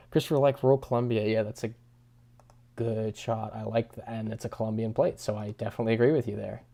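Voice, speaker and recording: Laid-back and chatting with viewers, a young man reads comments on a casual livestream, frequently chuckling and starting sentences over. His voice is on the low side, gravelly and dark.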